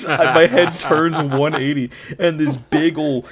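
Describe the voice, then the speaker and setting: A young man co-hosting a podcast, telling a story in a casual, animated way, laughing often and acting out the people in it. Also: a little high, a little slow, a crowd in the background. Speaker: podcast co-host.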